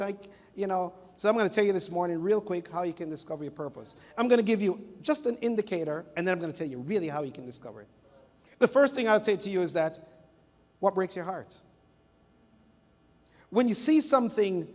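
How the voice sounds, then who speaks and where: A middle-aged man from Jamaica preaching a sermon as pastor, telling stories in an animated way and acting out family members' voices. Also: sits high, a little fast. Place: church sanctuary. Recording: long church hall reverb.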